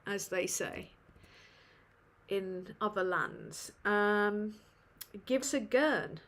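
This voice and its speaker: Slow, bright-voiced woman. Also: medium pitch. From northern England. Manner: sweary, self-mocking, rambling. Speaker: livestream host. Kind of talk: casual live Q&A chat.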